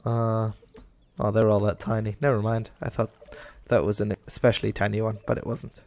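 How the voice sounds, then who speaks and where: A man's voice: fairly low pitch, flat delivery, fairly quick, vocal fry, a little mellow. A young man giving casual, rambling commentary over a game, talking to the animals on screen and getting exasperated with them. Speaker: gaming YouTuber.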